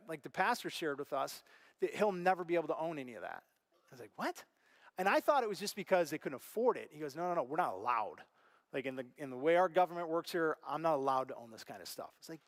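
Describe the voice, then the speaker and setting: Middle-aged pastor guy preaching, kinda high voice, super animated, acts out the voices. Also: in a large hall. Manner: animated storytelling, acts out quoted voices, big swings from loud to hushed. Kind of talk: sermon. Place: church auditorium.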